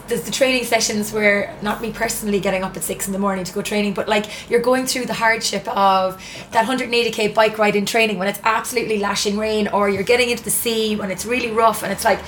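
A woman hosting a casual interview in a relaxed, chatty way, outdoors by the sea. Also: mid-range voice, a little hiss or hum, low-quality recording.

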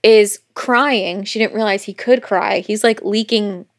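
A woman co-hosting a podcast, walking through a book's plot in loose, casual talk. She slips in quick quoted asides and the odd curse, and keeps her voice at an ordinary middle pitch. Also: steady tone. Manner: retells scenes with quick quoted asides, swearing, laughing. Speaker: podcast co-host. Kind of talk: casual book recap chat.

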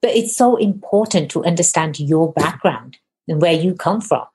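A woman hosting a podcast interview, talking quickly and enthusiastically in a casual, effusive way. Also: low-pitched, expressive, a little mellow. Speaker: podcast host.

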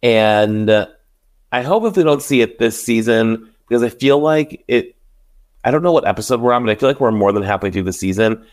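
A man's voice: medium pitch, fairly quick. A man hosting a podcast, chatting casually and animatedly as he recaps reality TV, acting out what people said. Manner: chatty, animated retelling with quoted voices. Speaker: podcast host. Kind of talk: casual solo recap chat.

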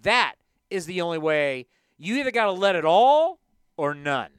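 A man's voice: high-pitched, very animated, normal speed, smooth, dry recording. A man hosting a sports talk show, ranting emphatically with rhetorical questions.

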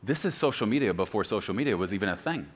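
A man preaching a sermon as a pastor, swinging from loud shouts to quiet, close talk. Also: on the low side, expressive, fast. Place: church sanctuary.

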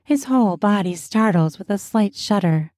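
A woman narrating a story in a slow, soft, intimate way. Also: mid-range voice, lively intonation, no room sound, clean studio sound. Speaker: storyteller and host.

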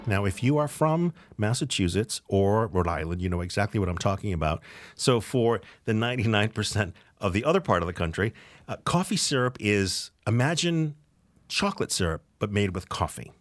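A man's voice: on the low side, lively intonation, moderate pace, dry recording. A man from South Coast New England co-hosting a food podcast, chatting with enthusiasm and explaining things. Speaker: podcast co-host. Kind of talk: casual food podcast chat.

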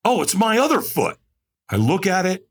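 There's a little hiss or hum as a man, guesting on a podcast, tells his story at a moderate pace and with great animation. He plays it up dramatically, acting out quotes with big pitch jumps.

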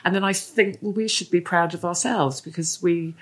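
A woman's voice: on the low side, normal speed, slight background noise. A woman in her sixties, a podcast guest, chatting casually and telling stories, acting out the voices of the people she quotes. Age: 60s. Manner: animated storyteller, acts out quoted voices. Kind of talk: casual chat.

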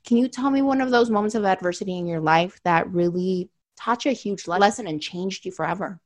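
A woman's voice: mid-range voice, fairly quick. Candid, effusive woman host. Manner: candid and effusive, swears freely. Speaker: podcast host. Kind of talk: casual interview chat.

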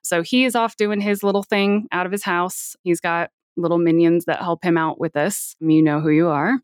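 A woman's voice: fairly low pitch, steady tone, normal speed, no room sound, clean studio sound. A woman speaking as a podcast guest in a casual interview, earnest and at times dryly sarcastic.

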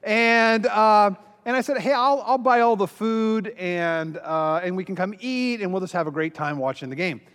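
A man's voice: sits high, moderate pace, few pauses, a bit bright, smooth, big-room sound. A man speaking as a pastor, telling a story with self-deprecating humor and many fillers. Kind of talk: humorous teaching talk.

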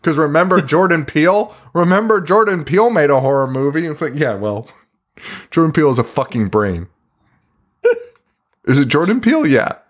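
Chatting casually as a podcast co-host, this man walks through a horror film's plot, laughing, cursing and retelling it with gusto. His voice runs a little high, at normal speed, with frequent pauses.

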